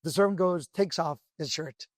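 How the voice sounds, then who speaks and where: A man who is a rabbi teaching a Torah class, telling a parable in an animated, conversational way. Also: fairly high pitch, moderate pace, dry recording. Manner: animated storyteller, emphatic and conversational.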